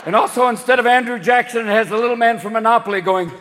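A man doing a stand-up comedy routine on a club stage, talking fast and manic and jumping in and out of character voices. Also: very high voice, noisy background. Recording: echoing venue, loud crowd laughter.

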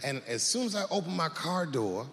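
A man performing stand-up comedy on stage, with profane, conversational punchlines and long pauses. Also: on the high side, sing-song, gravelly, a bit bright. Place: stage in a hall with a live audience. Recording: echoey hall with crowd noise.

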